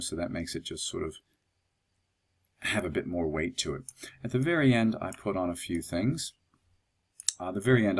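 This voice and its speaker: A man teaching music notation in a calm, explanatory software tutorial, with a husky voice and the odd filler. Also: deep voice.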